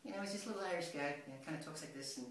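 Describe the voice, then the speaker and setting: A man's voice: on the high side, very fast. A man teaching an acting workshop, talking in a rambling, conversational way that keeps restarting itself. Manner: rambling, conversational, self-interrupting. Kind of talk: workshop lecture. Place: workshop room. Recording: echoey room, distant mic, faint noise.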